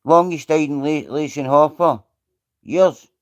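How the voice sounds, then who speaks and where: A man's voice: on the high side, fairly even intonation, unhurried, clean tone. A man with a Scottish accent hosting a casual live stream, rambling, swearing freely and greeting viewers by name. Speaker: livestream host.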